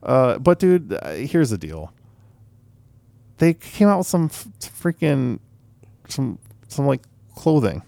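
A man's voice: mid-range voice, big pitch swings, slow, gravelly, long pauses, warm tone, dry recording. A man co-hosting a podcast, joking and swearing in casual chat. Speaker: podcast co-host.

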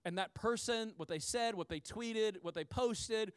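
A man preaching a sermon as pastor, in a conversational, animated way, with frequent asides to the congregation and key phrases repeated for emphasis. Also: high-pitched, a little slow, clean tone, no room sound, clean studio sound.

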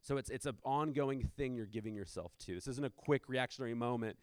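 A man's voice: medium pitch, brisk, a little mellow, no echo. A man preaching a sermon as pastor, in a conversational manner with rhetorical questions and asides.

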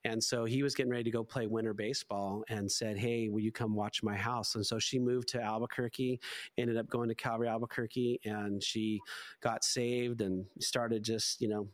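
A man's voice: fairly low pitch, moderate pace. Chatty middle-aged male pastor storyteller. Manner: animated, chatty, lots of "like" fillers. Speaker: podcast guest, pastor. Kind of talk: casual storytelling.

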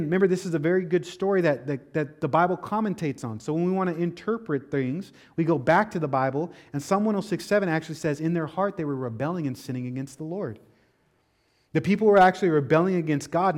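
A man preaching a sermon, asking rhetorical questions, reading scripture and dropping casual asides. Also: on the high side. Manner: preaching with rhetorical questions, rising to loud emphatic peaks. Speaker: pastor.

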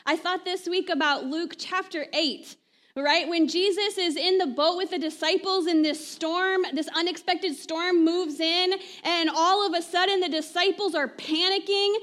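A woman pastor delivering a sermon in a conversational way, often checking in with "right?" and trailing off softly at the ends of phrases. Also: very high voice, steady tone, measured pace. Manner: conversational preaching, frequent "right?" asides.

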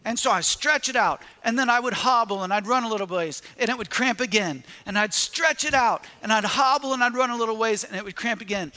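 A man preaching a sermon, telling a personal story in an animated way and acting out his own reactions. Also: very high voice. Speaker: pastor. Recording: echoey hall with long reverb.

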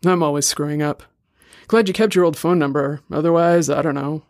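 A man voicing a troubled, slurring older brother who rambles between soft and loud. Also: a little high, fairly even intonation, a little fast, no room sound, studio quality, close to an everyday voice. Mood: rambling.

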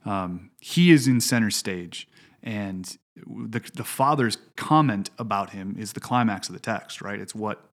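A man's voice: on the low side, unhurried. A middle-aged man, a preacher, talks through a Bible passage in a casual discussion, thinking aloud with frequent fillers and restarts. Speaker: preacher discussing his sermon.

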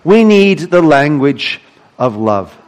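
A man's voice: fairly high pitch, big pitch swings, slow pace, low-quality recording. A man preaching a sermon as pastor, explaining a psalm with rhetorical questions and emphatic repetition.

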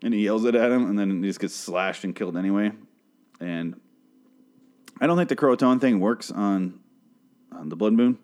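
A man with a somewhat low voice talks through a TV episode in one loose, unscripted monologue. He rambles, swears freely and interrupts himself, often breaking into exaggerated snippets of the characters' dialogue. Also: normal speed, long pauses. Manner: rambling, profane, self-interrupting, quoting characters in animated voices. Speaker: show recapper. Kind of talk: casual recap monologue.

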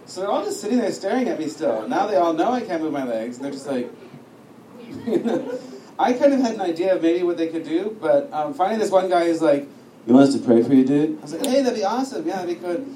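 A man's voice: sits high, very animated, fast, mellow. A man teaching a sermon, telling a story with humor and acting out what people said. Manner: storytelling with humor, acts out dialogue. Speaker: preacher. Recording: echoey room, distant mic, noisy.

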